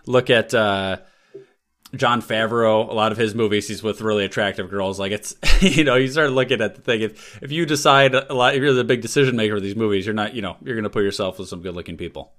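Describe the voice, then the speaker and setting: Low-voiced man hosting casual chat. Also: fairly quick, fairly bright tone. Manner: loose, rambling, laughs often. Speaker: podcast host.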